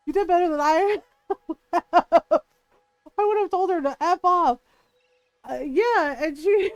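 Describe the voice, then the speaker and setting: A middle-aged woman streamer chatting casually, telling an animated story with frequent laughs and quoted voices. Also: sits high, no echo. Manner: animated, laughing often, quoting others in shifting voices.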